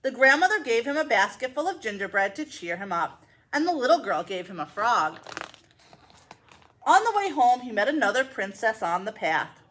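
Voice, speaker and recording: A woman librarian reading a children's picture book aloud, expressive and playful, with asides to young listeners. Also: a little high, fairly quick. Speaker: school librarian.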